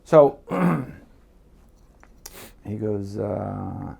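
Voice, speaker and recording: Gravelly, husky middle-aged storyteller man. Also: fairly low pitch, lively intonation, very slow, darkish tone. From Miami, United States. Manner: blunt, swears freely, acts out quotes. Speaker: guest. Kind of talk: profane storytelling.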